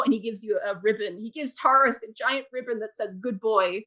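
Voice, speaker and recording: A woman's voice: on the high side, sharp tone. A young woman narrating a tabletop game as game master, laughing often as she goes. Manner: giggly, quick to laugh while narrating.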